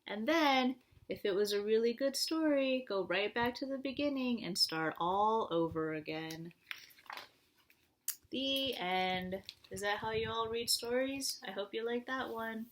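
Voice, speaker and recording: A woman in the role of children's librarian reads a picture book aloud to young listeners, her voice sitting a little high. She keeps a lively storytime lilt and slips into sing-song rhymes. A faint hiss sits under the recording. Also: unhurried.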